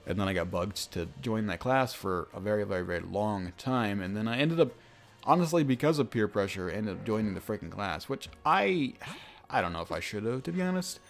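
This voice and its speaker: A young man with a deep voice, chatting casually over a let's-play and telling a story, rambling with many fillers and restarts. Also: expressive, fairly quick, gravelly. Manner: rambling, self-interrupting, lots of fillers and restarts. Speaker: gaming YouTuber. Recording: faint background game music.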